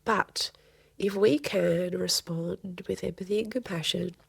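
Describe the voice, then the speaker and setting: Gravelly, husky-voiced woman counselor. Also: on the low side, unhurried, no room sound. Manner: earnest, gentle, repeats phrases for emphasis. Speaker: family and child counselor guest. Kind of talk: podcast interview conversation.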